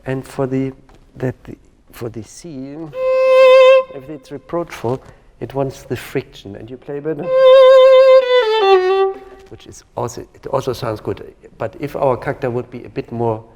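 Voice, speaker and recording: A man's voice: medium pitch, steady tone, unhurried. A man teaching a violin masterclass, speaking thoughtfully with hesitant phrasing and singing phrases to demonstrate. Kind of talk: masterclass coaching. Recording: reverberant hall with violin music.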